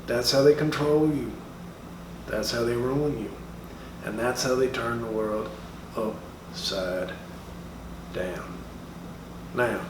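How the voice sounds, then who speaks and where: A man's voice: medium pitch, natural voice. A man plays a brash middle-aged comedian who lectures a room of schoolkids. He drawls, swears and taunts in a mock-serious way. The voice comes from a distant mic in an echoing room with faint background noise. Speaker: speaker at a school assembly. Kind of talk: comedic impression monologue. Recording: roomy sound from a distant mic.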